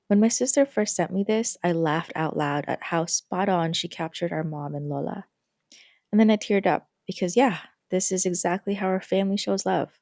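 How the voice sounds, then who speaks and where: A woman podcast host, gently and reflectively reading a story aloud. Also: lowish voice, moderate pace, dry recording, clean studio sound.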